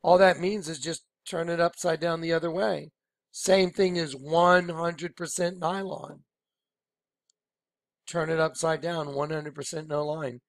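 A man leading an informal screen-share Bible study, excited and rambling, often telling listeners to watch. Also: on the high side, a little slow, creaky, no echo, studio quality. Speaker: Bible teacher.

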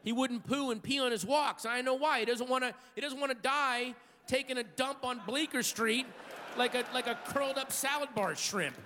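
Stand-up guy on stage, high bright voice, yells out of nowhere, big echoey hall w/ audience. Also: moderate pace, a little hiss or hum. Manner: animated storytelling, sudden shouted outbursts. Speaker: stand-up comedian. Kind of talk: stand-up comedy routine. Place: large theater stage with live audience. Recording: live hall recording with crowd.

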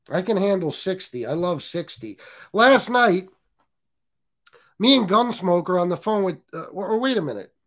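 A man's voice: sits high, a bit bright. A man hosting a casual livestream, joking, cursing, and reading viewer comments aloud. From US Northeast. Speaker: livestream host.

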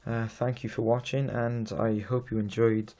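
A man's voice: medium pitch, flat delivery, moderate pace, dark tone. A young man in his late teens with a Welsh accent, casually demoing an app he built at home, rambling and self-deprecating. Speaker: app developer giving a demo. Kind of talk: casual demo talk.

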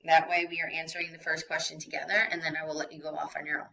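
A woman's voice: deep voice, completely flat delivery, rapid-fire, gravelly, bright, forceful tone, far from the mic, muffled recording. Woman teacher reading a novel aloud.

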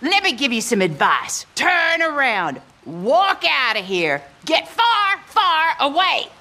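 A woman's voice: high voice, sing-song, slow, bright, forceful tone, husky, full character voice. An actress voicing a mean, foul-mouthed old rural grandmother who hurls insults and threats, with a harsh, scolding voice. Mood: angry. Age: older. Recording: game audio with music behind.

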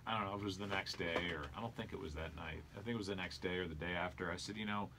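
A middle-aged man speaks with a somewhat low voice. He tells a personal story in an earnest, reflective way, as a guest in a conversational interview. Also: racing, noisy background. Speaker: sports broadcaster and interview guest.

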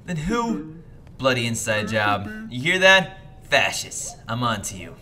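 A man's voice: mid-range voice, big pitch swings, a little slow, a crowd in the background. A man voicing a middle-aged pub landlord in a video game, paranoid and blustering, ranting about conspiracies and swearing. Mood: indignant.

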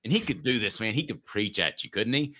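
A middle-aged man hosting a sports talk show, talking in an animated, joking way. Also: lowish voice, fairly quick. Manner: animated, does mock impressions.

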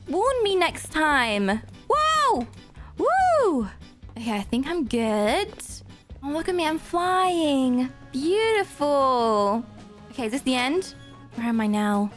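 A high-voiced woman talks through a game as she plays, her pitch bouncing all over. She gasps and squeals at every surprise. Faint game music sits under her voice. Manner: animated, gasping and squealing at surprises. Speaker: gaming video creator. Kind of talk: playing an obby game and narrating.

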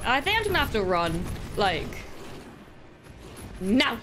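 A woman streaming a game live, excitable and talking to her chat, swearing and laughing often as she plays. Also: mid-range voice, slow pace, background noise. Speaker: gaming streamer. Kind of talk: live let's-play commentary.

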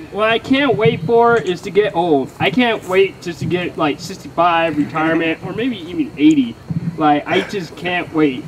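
A man's voice: sits high, slight background noise, low-quality recording. A young man with a Texan accent doing a rambling, profane stand-up set in front of a live crowd, full of fillers and self-mocking asides. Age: young adult. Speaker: stand-up comedian. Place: comedy venue with live crowd. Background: audience laughing.

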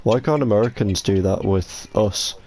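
A man's voice: on the low side, moderate pace, darkish tone. A young British man in casual gaming chat with friends, sweary and rambling. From United Kingdom. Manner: sweary, banter-heavy, rambling. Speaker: streamer playing with friends.

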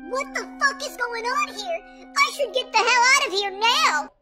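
A man voicing a panicking young game hero in a squeaky, frantic voice. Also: expressive, normal speed, bright, forceful tone, faint music behind, exaggerated voice. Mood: panicked.

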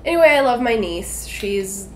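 A woman's voice: medium pitch, expressive, normal speed, slight background noise, low-quality recording. A young adult woman co-hosting a podcast, giggly, teasing and playful in casual banter over a video call. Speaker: podcast co-host.

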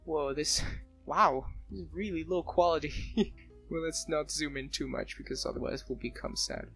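Excitable gravelly-voiced man playing a game. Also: on the high side, normal speed. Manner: excitable, laughs often, exclamations. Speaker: let's play gamer. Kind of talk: casual gameplay commentary. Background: soft background music.

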